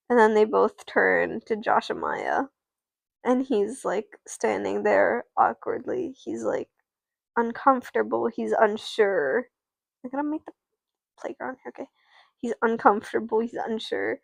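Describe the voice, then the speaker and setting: A woman's voice: medium pitch, expressive, a little slow, gravelly, no echo. A woman casually narrating her doll play, rambling and often stopping herself mid-sentence. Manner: rambling, self-interrupting.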